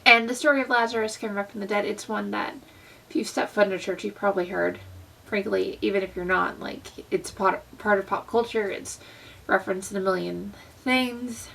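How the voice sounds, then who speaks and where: A woman's voice: mid-range voice, fairly even intonation, a little fast, creaky, hardly any pauses, a bit bright, recorded from a distance, poor audio. A young woman talking in a casual, earnest vlog style about faith, with plenty of fillers. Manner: earnest, conversational, many fillers. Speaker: Christian vlogger. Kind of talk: casual devotional vlog talk.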